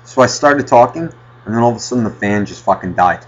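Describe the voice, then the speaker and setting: A male podcast host telling a profane, ranting story in casual chat with a husky voice. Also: lowish voice, quick pace, lo-fi sound.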